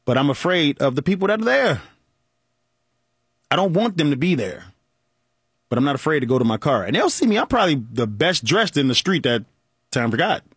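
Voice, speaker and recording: Animated forty-something man, lively pitch. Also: brisk, long pauses, slightly rough, no room sound, studio quality. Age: 40s. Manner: animated, joking, laughs often. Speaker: radio show host. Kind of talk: call-in talk show monologue.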